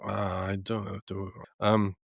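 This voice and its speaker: A man co-hosting a podcast in casual chat, rambling and hesitant with many pauses. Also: lowish voice, completely flat delivery, vocal fry, no echo, studio quality. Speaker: podcast co-host.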